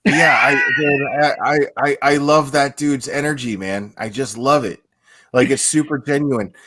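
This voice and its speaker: A man in a casual livestream chat, talking excitedly with frequent stammering restarts and free swearing. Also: medium pitch, a little slow, very noisy.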